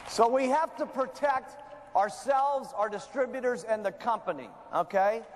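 A man with a strikingly high voice runs a motivational sales training. He is emphatic and salesy, pushing each point and checking in with his listeners. His voice rings with the long reverb of a big hall. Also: normal speed. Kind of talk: motivational business training talk.

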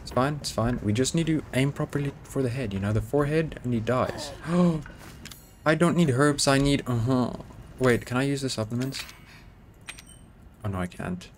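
A man giving excitable let's-play commentary, swearing, joking and pleading with the game as he plays. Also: mid-range voice, moderate pace, slight background noise. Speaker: gaming YouTuber.

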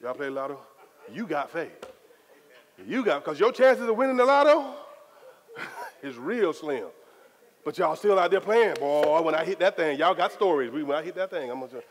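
A man preaching a sermon as pastor, in a lively, conversational style full of casual Southern phrasing. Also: a little high, normal speed, pauses often. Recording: long hall reverb.

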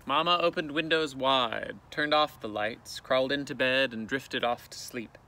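A male teacher reading a picture book aloud with expressive, dramatic storytelling, outdoors in a canoe. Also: medium pitch, moderate pace, slight background noise.

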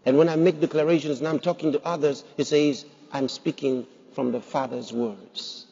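A man's voice: on the high side, fairly even intonation, normal speed, creaky, warm tone, slightly rough. A man preaching a sermon as pastor, emphatic, putting rhetorical questions to his congregation. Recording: dull sound with long hall reverb.

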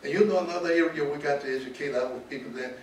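Brief: older Southern man, pastor, emphatic sermon-like delivery, somewhat high voice, recorded from afar in a big echoing hall. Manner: emphatic, repeats key words, slows for stress. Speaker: pastor and author speaking to students. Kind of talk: preaching-style talk. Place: large auditorium. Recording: echoey hall, distant mic, light noise.

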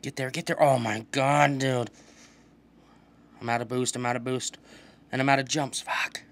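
Young man, casual gameplay commentary, profane, trash talk, excitable, mid-pitched voice. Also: normal speed, vocal fry. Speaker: gaming channel host.

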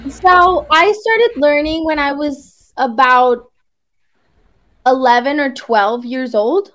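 A woman tutors English in a relaxed video-call chat. Her voice sits a little high, and she speaks slowly. Her is Spanish, and she tells stories in a friendly way. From Puerto Rico. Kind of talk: casual conversation lesson on a video call.

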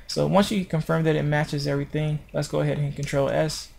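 A man's voice: fairly high pitch, level tone, fast talker, creaky, darkish tone, a little hiss or hum. A man narrating a screencast tutorial on web design, explaining step by step in an informal way and correcting himself as he goes.

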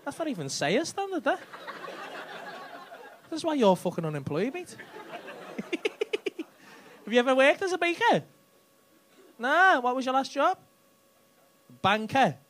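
A man's voice: extremely high pitch, very animated, a little slow, long pauses, a bit bright. A man doing stand-up crowd work, cheeky and teasing, swearing freely as he chats with people in the audience on a club stage. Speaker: stand-up comedian. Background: faint audience laughter.

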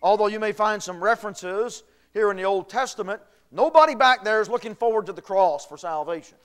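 High, clear-voiced preacher man. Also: fairly quick, fairly bright tone. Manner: folksy preaching, reads scripture aloud with rising intensity. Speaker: pastor. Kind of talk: sermon. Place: church.

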